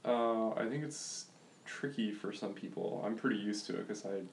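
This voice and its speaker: Low, gravelly young man. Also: moderate pace. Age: young adult. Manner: relaxed, thinking aloud with fillers. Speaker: guest, college volleyball coach. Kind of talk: casual podcast chat.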